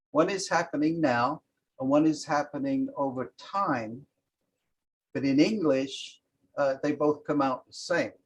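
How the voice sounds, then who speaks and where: A man's voice: medium pitch, a little hiss or hum, low-quality recording. A man teaching a language class, patiently explaining grammar and demonstrating example phrases aloud.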